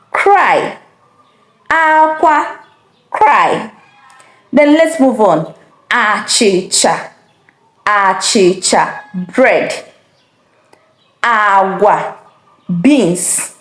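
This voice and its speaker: A woman teaching vocabulary, saying each word slowly and repeating it with careful tones. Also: medium pitch, animated, reverberant. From Nigeria. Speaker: language teacher. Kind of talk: slow vocabulary lesson.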